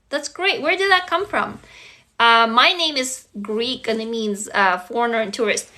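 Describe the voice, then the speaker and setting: A woman's voice: high voice, expressive, normal speed, bright, forceful tone. A woman from Russia hosting a casual livestream, talking frankly and answering viewers' comments as she goes. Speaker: livestream host.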